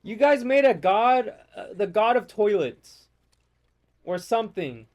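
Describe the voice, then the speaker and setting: A man's voice: high-pitched, big pitch swings, a little slow, darkish tone, dull audio. Rambling, foul-mouthed man gaming. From United States. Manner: rambling, profane, ranting. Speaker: gamer. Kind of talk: casual gameplay chat.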